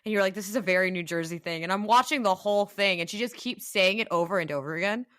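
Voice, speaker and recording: Give me a bright, blunt woman chatting casually as a podcast co-host. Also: medium pitch, fast talker. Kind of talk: casual chat.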